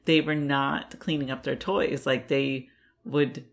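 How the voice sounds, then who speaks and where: A woman's voice: very deep voice, fairly even intonation, slow, vocal fry. A woman in her thirties co-hosting a podcast, chatting and laughing through a family story. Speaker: podcast co-host. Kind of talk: casual storytelling chat.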